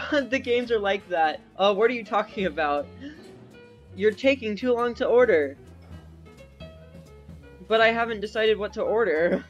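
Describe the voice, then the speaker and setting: A man's voice: sits high, moderate pace, long pauses, fairly bright tone, lo-fi sound, soft background music. A young man doing playful game commentary, giggling often and reading in-game chat aloud in a goofy way. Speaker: gaming YouTuber.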